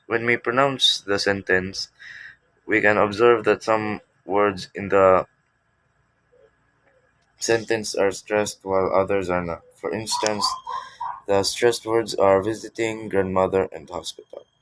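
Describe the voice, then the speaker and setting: A man's voice: fairly low pitch, steady tone, slow, a bit bright. A man teaching a class, reading a prepared lecture and correcting himself now and then. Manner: reads prepared text, with restarts.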